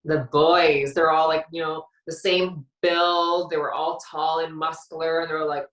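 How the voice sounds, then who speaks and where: A woman's voice: low-pitched, little pitch movement, a little slow, a bit bright. A woman from Canada, a guest telling her story with drama and acting out who said what. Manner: dramatic, acts out quotes of herself and others. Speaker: reality show contestant guest. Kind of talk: animated storytelling interview. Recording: roomy echo, distant from the mic.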